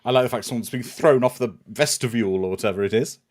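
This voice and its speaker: A man's voice: medium pitch, fast talker, darkish tone. A man co-hosting a film watch party, giving dry, explanatory commentary with asides about the film.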